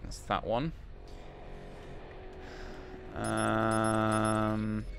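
A man's voice: on the low side, completely flat delivery, drawn-out words, creaky, a bit bright, soft background music. A man thinking aloud as he commentates his own video game playthrough, muttering to himself. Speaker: gaming video host. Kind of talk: let's play commentary.

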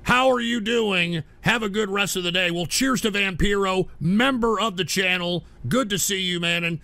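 A man hosting a livestream talk show while sick, ranting in exasperation and bursting into shouts. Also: sits high, normal speed, gravelly, no room sound. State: sick, coughing. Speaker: show host.

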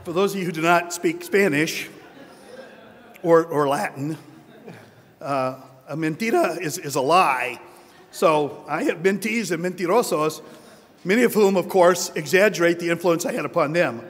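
A man's voice: fairly high pitch, moderate pace. An older man giving a humorous, self-deprecating award acceptance speech, telling anecdotes in a wry tone. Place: large hotel ballroom at a conference. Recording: long hall reverb.

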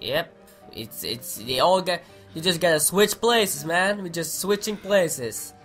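A young man giving excitable let's play commentary, swearing and shouting at the game. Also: on the high side, unhurried, faint music behind. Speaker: gaming commentator.

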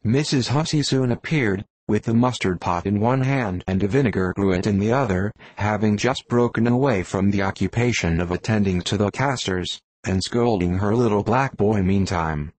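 A man narrating an audiobook in a plain, steady storytelling manner. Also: fairly low pitch, normal speed, few pauses, dry recording. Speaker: volunteer reader.

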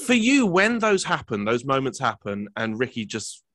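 A man's voice: medium pitch, very animated, normal speed, a bit bright. A man hosting an interview, asking earnest, rambling questions with many fillers. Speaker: interviewer host.

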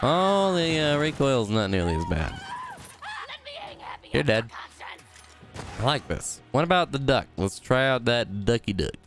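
Over music, a very animated young man commentates his video game play at a measured pace with long pauses. As a gaming YouTuber he rambles and jokes to himself, goofy and silly, with sudden high squeals.

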